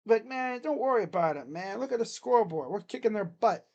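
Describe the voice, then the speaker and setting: Casual live reaction host, mid-pitched and rambling, stretches out play calls and chats between them. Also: expressive, darkish tone, muffled recording. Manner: rambling, joking, talks to himself between plays; drawn-out play calls during game action. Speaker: sports reaction streamer.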